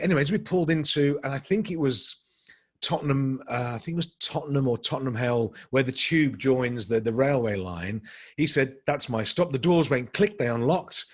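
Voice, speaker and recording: A middle-aged man telling a personal story to a workshop group, acting out the dialogue with lively energy. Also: medium pitch, fairly quick, husky. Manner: animated anecdotal storytelling, acting out quoted dialogue with rising energy. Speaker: workshop speaker.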